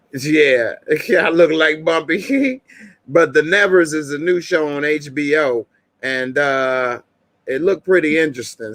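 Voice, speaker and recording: A man's voice: medium pitch, a bit bright, no room sound. A middle-aged man hosting a casual live-stream commentary show, chatty and laid-back, often laughing and talking straight to his viewers. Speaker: show host.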